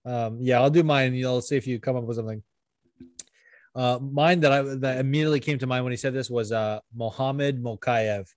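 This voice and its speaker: A man's voice: mid-range voice, steady tone, a little fast, darkish tone, dry recording. A man hosting a podcast in casual chat, rambling with lots of fillers, laughing often and swearing. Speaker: podcast host.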